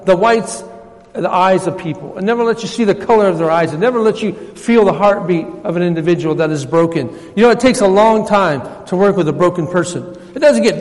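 A male pastor preaching a sermon in a folksy, conversational way, retelling conversations. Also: high voice. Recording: long church reverb.

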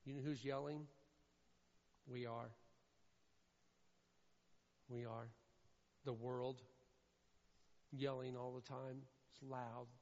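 Man preaching, from indiana, emphatic and repetitive, loud then hushed, long echo, muffled sound. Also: mid-range voice, flat delivery, slow, pauses often. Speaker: pastor. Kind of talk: sermon. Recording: echoey hall, dull lo-fi sound.

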